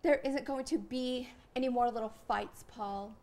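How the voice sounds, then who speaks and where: A young woman acting as an impulsive newlywed wife in a stage play, swinging between loud outbursts and hushed lines. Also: on the high side, normal speed, close to an everyday voice. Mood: heated. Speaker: wife Corie.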